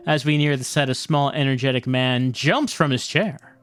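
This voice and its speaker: A streamer reading game text aloud while playing, with an unhurried, playful narration. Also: medium pitch, fairly bright tone. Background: faint game music.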